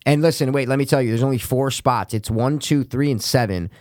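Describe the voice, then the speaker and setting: A man's voice: mid-range voice, a little fast, a little mellow, dry recording, studio quality. A man co-hosting a podcast in casual chat, bantering and teasing, then quizzing his partner on trivia. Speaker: podcast co-host.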